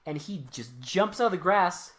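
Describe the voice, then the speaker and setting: A man's voice: high-pitched, animated, moderate pace, heavy background noise. A man co-hosting a podcast, recapping a movie in casual chat, swearing freely and acting out the characters' lines. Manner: profane, joking, acts out characters' lines. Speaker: podcast co-host.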